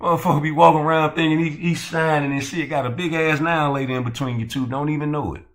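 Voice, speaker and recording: A man hosting his own channel, ranting and roasting others in a loud, profane, mocking way. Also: a little high, fairly even intonation, quick pace. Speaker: channel host. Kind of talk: heated roast commentary.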